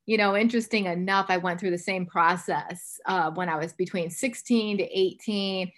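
A woman's voice: fairly low pitch, steady tone, normal speed. A woman in her fifties hosting a faith interview podcast, talking in a chatty way with many asides. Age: 50s. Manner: chatty, warm-hearted asides with many fillers. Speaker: podcast host. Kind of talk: conversational interview.

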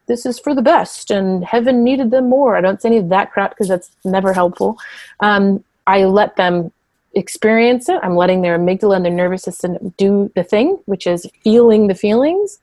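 A woman therapist talks through her ideas in an easy, explanatory way. She sometimes drops into quick acted voices. The sound is dry and close. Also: mid-range voice, a little mellow, dry recording. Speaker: therapist and parent coach. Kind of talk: conversational interview talk.

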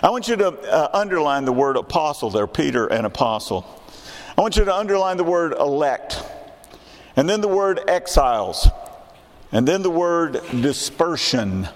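A man's voice: very animated, moderate pace. Older preacher man in a reverberant hall. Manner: emphatic, repeats key phrases, rising pitch on questions. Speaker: pastor. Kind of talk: sermon. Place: church sanctuary.

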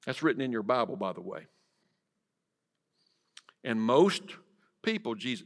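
A man preaching a sermon in church, swinging from loud to hushed and asking the congregation direct questions. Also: mid-range voice, sing-song, moderate pace, long pauses. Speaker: pastor. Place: church sanctuary.

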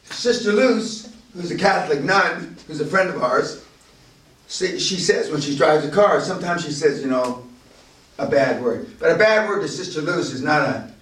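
A man leading a business seminar, talking bluntly and profanely and building to loud, emphatic bursts. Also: mid-range voice. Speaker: seminar leader. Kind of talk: profane motivational seminar talk. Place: castle seminar room. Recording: echoey room, voice from far off.

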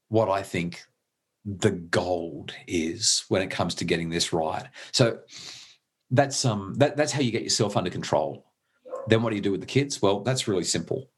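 A middle-aged man talks through his ideas in an earnest, conversational way. His voice sits low and carries a husky grain, and he stumbles and restarts when he is moved. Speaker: parenting guest. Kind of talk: conversational explaining.

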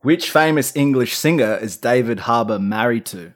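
A man's voice: medium pitch, lively intonation, normal speed. A young man co-hosting a podcast, bantering and teasing his friend in a casual chat. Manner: teasing, banters, calls others mate. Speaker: podcast co-host.

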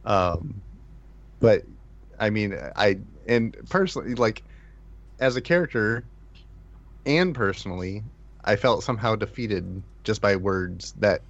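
A man's voice: lowish voice, expressive, unhurried, pauses often. A man, a player, recalling a tabletop game moment in a rambling way, full of "just". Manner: rambling, repeats "just", chuckles. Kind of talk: casual chat about a tabletop game. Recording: dull lo-fi sound.

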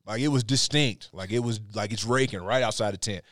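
A man's voice: fairly low pitch, brisk, dry recording, clean studio sound. A man hosting a podcast, telling a story with energy, swearing often and acting out sounds. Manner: animated storyteller, swears freely, acts out sounds. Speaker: podcast host. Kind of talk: casual storytelling chat.

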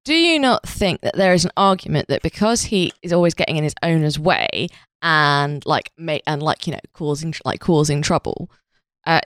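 A woman co-hosting a podcast in casual comedic chat, quick and playful, laughing mid-sentence. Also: low-pitched, clean tone, no echo, clean studio sound. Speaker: podcast co-host.

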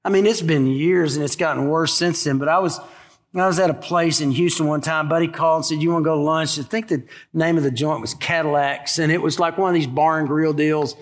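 A man's voice: a little high, steady tone, a little fast. A man in his sixties, a pastor preaching a sermon in a conversational, folksy way with asides to the congregation.

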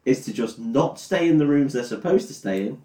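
A man's voice: medium pitch, lively intonation, normal speed, dark tone, distant mic. Giggly tipsy man, echoey room. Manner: crude, giggly, swaps into silly character voices. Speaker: podcast co-host. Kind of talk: casual comedic film recap.

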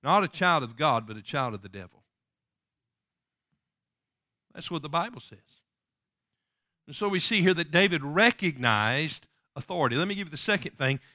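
A male pastor preaching a sermon emphatically and reading scripture in a slow, solemn way. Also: a little high, animated, pushed and bright, no echo, clean studio sound.

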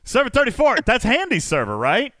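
A man's voice: very high-pitched, wildly swooping pitch, brisk, bright, forceful tone, no echo. A man hosting a casual podcast, joking around and rambling, then rattling off long lists of supporter names. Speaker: podcast host. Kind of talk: casual podcast banter and shout-outs.

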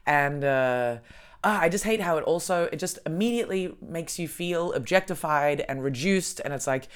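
A woman's voice: low voice, normal speed, smooth. An Australian woman in her thirties, hosting a casual chat as a comedian, talking bluntly and swearing freely. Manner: blunt, swears freely, animated when angry. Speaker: podcast host, comedian.

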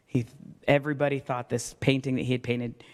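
A man's voice: mid-range voice, flat delivery, fairly quick, darkish tone. A man preaching a sermon as pastor in a church, telling a story with self-mocking humor and acting out voices. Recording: long reverb of a church hall.

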